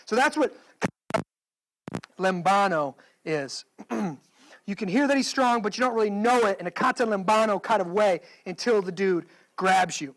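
A man's voice: sits high, lively intonation, normal speed, a bit bright, poor audio. A male pastor preaching a sermon, pressing the listeners with emphatic rhetorical questions.

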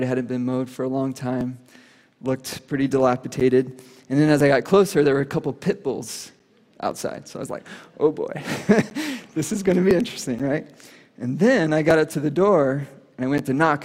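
A man preaching a sermon, telling a personal story earnestly and dropping to a hush at solemn moments. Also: medium pitch. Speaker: pastor. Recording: reverberant hall.

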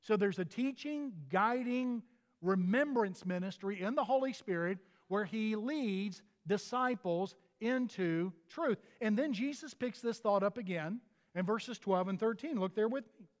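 A man's voice: high-pitched, measured pace, long reverb tail. A pastor delivering a sermon in an earnest manner, often restarting his phrases.

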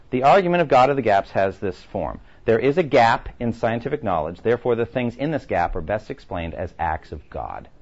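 Emphatic male teacher, lively pitch. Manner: emphatic, with many rhetorical questions. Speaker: Bible class teacher. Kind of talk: lecture with read-aloud quotes. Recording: muffled lo-fi recording.

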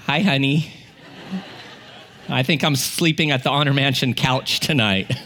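A man in his forties preaching a sermon as a guest, humorous and animated in his storytelling. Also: medium pitch, measured pace, a little hiss or hum.

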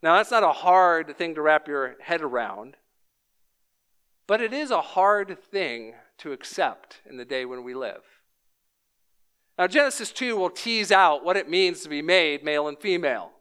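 Higher-voiced guy preaching a sermon, crisp and smooth, slow emphatic lines. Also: animated, bright, forceful tone. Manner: measured, emphatic preaching with repeated key lines. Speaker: pastor.

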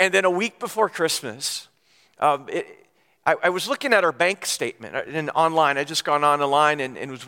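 A man's voice: fairly high pitch, sharp tone, big-room sound. A man giving a sermon, telling a personal story in a conversational way with many restarts and repeated words.

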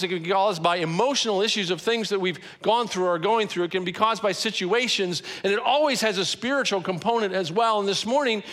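A man in his forties preaches with a high, bright voice that carries easily. His delivery is earnest and conversational, and he draws out key phrases for weight. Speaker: pastor. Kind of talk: sermon.

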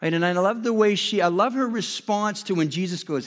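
A man's voice: sits high, animated, brisk, hardly any pauses, fairly bright tone. A man preaching a sermon to a congregation, talking in an earnest, conversational way with frequent restarts. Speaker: pastor. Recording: long hall reverb.

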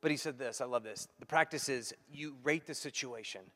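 A pastor preaching a sermon, acting out quoted dialogue and swinging between loud and hushed delivery. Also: male voice, medium pitch, fairly quick. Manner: animated, acts out quoted dialogue. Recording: long hall reverb.

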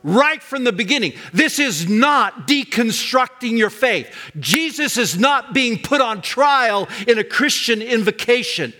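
An older man preaching a sermon as pastor, talking in an emphatic way and rising to loud cries on key words. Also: very high voice, animated, measured pace, few pauses.

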